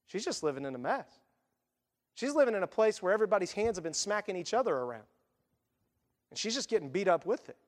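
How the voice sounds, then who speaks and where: A male pastor preaches to his church in a chatty, emphatic style. His voice sits high for a man. A long reverb rings behind every line in the big hall. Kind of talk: sermon.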